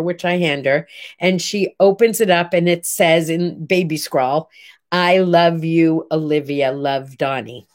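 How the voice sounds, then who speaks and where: Chatty older woman telling a story. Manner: chatty, animated, voices quoted people with pitch swings. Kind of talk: casual storytelling monologue.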